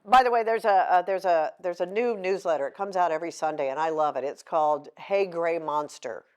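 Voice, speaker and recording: At a book signing, a middle-aged woman author gives the audience a candid, heartfelt talk that blends emotion with self-deprecating humor. Her voice is fairly low, smooth, and a little mellow, and she speaks fairly quickly.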